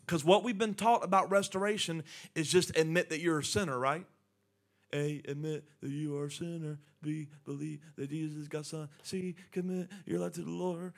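Male pastor, slightly high pitch, conversational sermon delivery with soft intimate drops. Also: creaky. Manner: conversational preaching, drops to soft intimate tones then builds.

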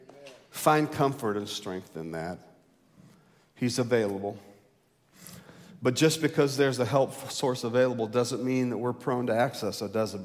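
A male pastor delivering a sermon in a mid-range voice. He climbs loud and high on his key points, then sinks to a low, slow hush. His voice carries a long reverb from a large church hall.

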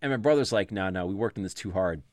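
A man's voice: deep voice, fast talker, no echo, studio quality. A man casually telling a childhood story, laughing often and acting out the voices in quotes.

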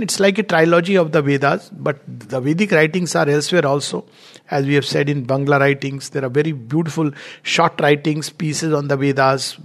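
A man teaches from spiritual texts in a relaxed, unscripted lecture. His fairly high voice carries a gravelly edge, and he explains in measured phrases, often pausing on a filler before going on.

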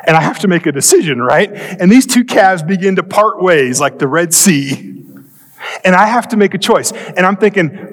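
A man with a high voice tells a comic story from the pulpit, racing ahead and then stretching words out slowly. His voice rings with the long reverb of a church hall. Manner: animated, comic storytelling with quick bursts and drawn-out pauses. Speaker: pastor. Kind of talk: storytelling sermon.

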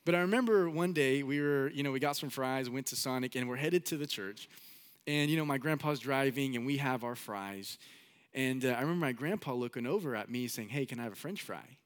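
A man's voice: mid-range voice, brisk, smooth. A man preaching a sermon in a casual, storytelling manner, often repeating his phrases.

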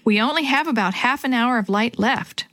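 A woman's voice: a little high, moderate pace, a bit bright, no echo, studio quality, natural voice. A woman voicing a young boy on a trail ride in a children's story, matter-of-fact.

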